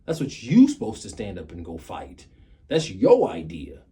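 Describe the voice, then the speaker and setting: A man's voice: lowish voice, huge pitch swings, normal speed, mellow. A man in his thirties giving a casual motivational talk to his viewers. He speaks earnestly and repeats key phrases to drive his point home. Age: 30s. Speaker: motivational vlogger.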